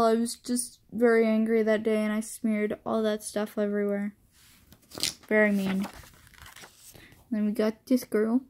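A woman's voice: mid-range voice, level tone, measured pace, warm tone, slight background noise. A young woman chatting casually into a phone at home, rambling and self-deprecating about her drawings. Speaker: amateur artist. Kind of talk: casual chat.

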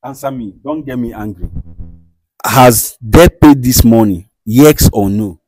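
A man with a Nigerian accent acting as a show host who calmly mediates a dispute and questions firmly. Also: medium pitch, unhurried, no room sound, natural voice. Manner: soothing, repeats "calm down", firm questioning. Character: male show host, calm and commanding mediator. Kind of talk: comedy skit acting.

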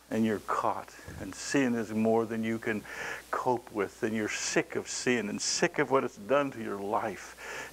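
A man preaching a sermon to a congregation, pleading and building to loud, passionate cries. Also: on the low side, gravelly, slight background noise, poor audio.

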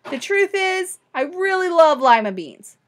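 A woman's voice: extremely high pitch, sing-song, unhurried, voice pushed up, heavily acted. A woman voicing a worried young girl with a strange illness in a storybook, groaning and crying out. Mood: upset. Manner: groaning, cries out.

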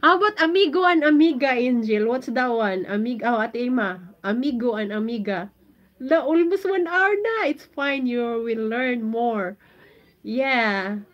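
A woman's voice: a little high, a little slow, lo-fi sound. A Filipino-accented woman on a casual livestream, reading viewer comments aloud in a playful, giggly way and sounding out foreign phrases.

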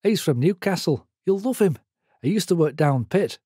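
A man's voice: a little high, animated, moderate pace, warm tone, breathy edge, no room sound, clean studio sound. A man voicing a fond working-class mother, in an audiobook memoir. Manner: gushing, fond.

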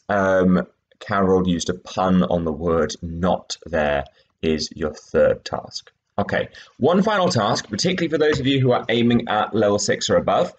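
A male English teacher explaining tasks in a recorded lesson, patient and clear, with some fillers. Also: on the low side. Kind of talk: recorded lesson with read-aloud extracts.

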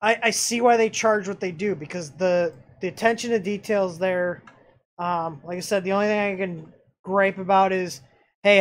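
A man hosting a casual live-stream review of a 3D printer, talking in a rambling way with lots of "um"s and restarts. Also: high voice. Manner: rambling, filler-heavy, frequent restarts. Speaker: channel host reviewing a 3D printer.

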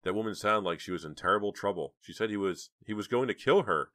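A man's voice: on the low side, fast talker, pushed and bright, no room sound, clean studio sound, voice pushed up. A man voicing a worried, sensible teenage girl who pleads with her friends in an audiobook.

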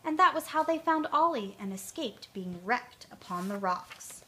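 A woman storyteller reading a children's story aloud in a gentle, expressive way. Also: medium pitch, normal speed, hardly any pauses.

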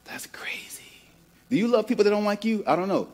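Preaching in a conversational style, the same Midwestern pastor now sounds high-pitched and rapid-fire, with lively intonation and a darkish tone. Words get repeated as each point builds, and he has the congregation echo phrases back.

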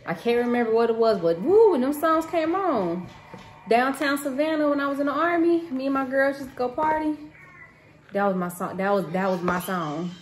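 A woman's voice: on the high side, expressive, fairly quick. A woman in her thirties chatting casually to her viewers while she cooks at home. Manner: chatty, talks straight to viewers. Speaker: cooking vlogger. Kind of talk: casual cooking chat to camera. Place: home kitchen. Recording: echoey kitchen with faint room noise.

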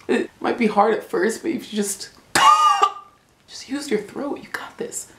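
A woman's voice: fairly high pitch, wildly swooping pitch, a little slow, echoey room, noisy background. A woman vlogging in a playful, giggly way, often breaking into laughter. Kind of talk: casual comedic vlog.

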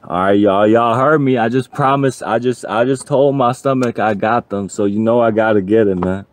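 A man's voice: on the low side, no room sound. A man chatting casually on his livestream, pleading for donations and joking along the way. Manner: pleading and joking, slow drawl.

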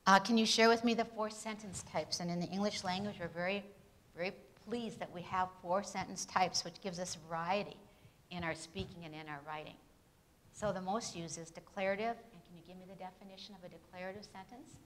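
A woman teaching an English grammar lesson at a Bible institute. She puts questions to her students, answers them herself with tag questions, and reads example sentences with clear emphasis. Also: fairly low pitch, brisk, fairly bright tone, slight background noise. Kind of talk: classroom lecture with questions to students.

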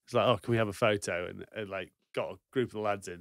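A man co-hosting a podcast, relaxed, chipping in with short asides and stories. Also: fairly low pitch, fast talker, gravelly, dry recording, studio quality. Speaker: podcast co-host. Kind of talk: casual chat.

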